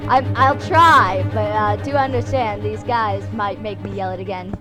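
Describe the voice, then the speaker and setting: A woman translating a game live, joking and breaking into excitable outbursts. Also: medium pitch, normal speed, few pauses, over music.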